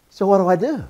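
A man's voice: sits high, dark tone. A man teaching a marriage seminar as a pastor, earnest, repeating phrases for emphasis and acting out spoken apologies.

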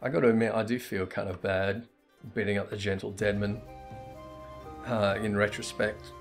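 A man's voice: fairly low pitch, steady tone, moderate pace, soft background music. A man giving casual, wry let's play commentary with chuckling asides. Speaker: gamer.

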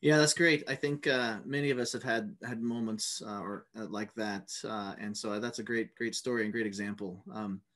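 A man's voice: mid-range voice, fairly bright tone. A man moderating a conference session, reading out audience questions with frequent hesitations and fillers.

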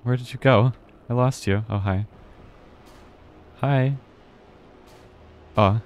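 A man's voice: medium pitch, slow pace, slight background noise. A man streaming a horror game live, chatting and reacting aloud as he plays. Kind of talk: casual gameplay commentary.

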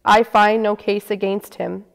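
Woman, Good Friday scripture reader, smooth clear voice, unhurried, long church reverb. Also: medium pitch, flat delivery.

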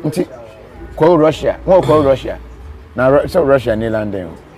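A man's voice: mid-range voice, lively intonation, moderate pace, mellow. A man with a Ghanaian accent hosting a live stream, reading viewer comments and joking, switching between Twi and English. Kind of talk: casual chat.

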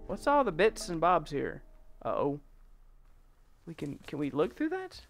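A man hosting a first-time gameplay video, jumpy and excitable, yelping, laughing and taunting the enemies on screen. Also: on the high side, a little slow, faint music behind. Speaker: gaming channel host.

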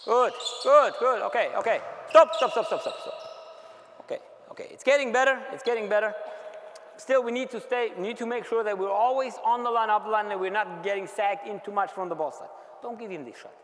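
A man with a German accent coaching basketball players through defensive drills, explaining calmly and calling out short repeated commands. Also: sits high. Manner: instructive, shouts quick repeated commands during drills. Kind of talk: on-court coaching clinic. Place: large indoor basketball gym. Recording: long reverb of a large gym. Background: basketballs bouncing.

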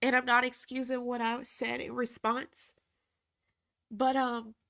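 A woman who was once a reality TV cast member reflects emotionally and earnestly, halting at times and repeating phrases for emphasis. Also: fairly high pitch, little pitch movement, creaky, a bit bright.

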